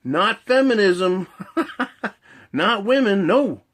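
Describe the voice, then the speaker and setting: A man's voice: high-pitched, expressive, very slow, a bit bright. A man ranting in a monologue. He swears a lot, repeats his points, builds long analogies and keeps asking "right?". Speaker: commentator.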